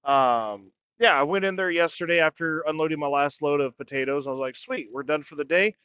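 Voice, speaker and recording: A man co-hosting a trucking podcast from his truck cab, chatting casually, swearing constantly and joking loudly. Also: fairly high pitch, fairly quick, clear, resonant tone, no room sound. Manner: swears constantly, loud and jokey. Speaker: podcast co-host. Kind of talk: casual crude banter. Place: truck cab in a parking lot. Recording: dry, dull lo-fi sound.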